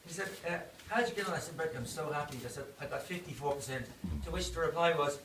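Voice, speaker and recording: A man's voice: a little high, quick pace, fairly bright tone. Irish man in his fifties telling party stories. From Ireland. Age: 50s. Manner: storytelling, laughing through punchlines. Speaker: doctor giving a birthday speech. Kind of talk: anecdotal party speech. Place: indoor party venue. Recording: echoey, distant, noisy party room.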